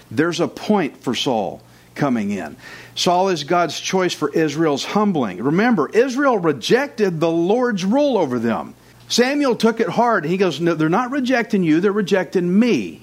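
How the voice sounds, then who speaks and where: A man preaching a sermon as pastor, conversational, with jokes and asides to the congregation. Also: fairly high pitch. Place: church.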